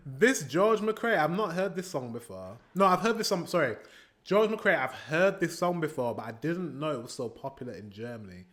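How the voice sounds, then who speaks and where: A man's voice: fairly high pitch, lively intonation, normal speed, a bit bright. A British man giving chatty, rambling commentary while reacting to music, laughing often between remarks. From Britain. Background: faint pop music playing.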